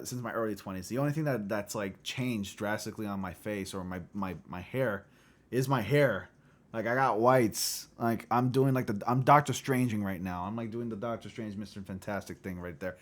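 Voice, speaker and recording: A man in his late twenties, chatting casually with his livestream viewers, rambling and laughing often. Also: lowish voice. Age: late 20s. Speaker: livestream host.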